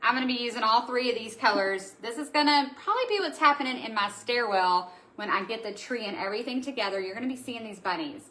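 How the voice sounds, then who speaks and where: A woman chats through a casual live stream from her home. She gushes over each item and answers viewer comments. Her voice is bright and forceful, and sits a little high. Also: lively intonation, fast talker, hardly any pauses. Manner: gushing, chatty, reads out viewer comments. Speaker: host of a live craft supply show. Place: indoor room at home.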